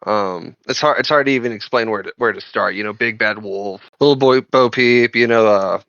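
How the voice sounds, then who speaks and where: A man's voice: fairly low pitch, moderate pace, a bit bright, no room sound, muffled recording. A man in a casual podcast chat, speaking eagerly and rambling, filling gaps with "you know". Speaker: podcast co-host.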